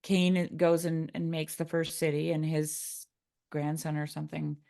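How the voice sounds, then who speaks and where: A woman's voice: low-pitched, little pitch movement, normal speed, creaky, mellow. A woman guest in a casual conversation, speaking earnestly and emphatically and often checking in with "right?".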